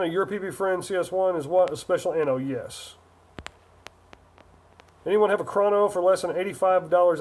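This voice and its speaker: High-voiced man chatting on a livestream. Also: a little mellow. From Northern California. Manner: rambling, reads viewer chat aloud. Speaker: livestream host. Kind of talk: casual live chat answering viewers.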